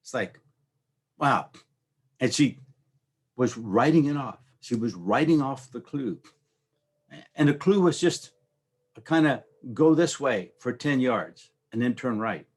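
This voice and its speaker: A man's voice: medium pitch, lively intonation, slow, pauses often, husky. A man hosting a casual motivational talk, rambling and conversational, often checking in with his listeners. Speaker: host.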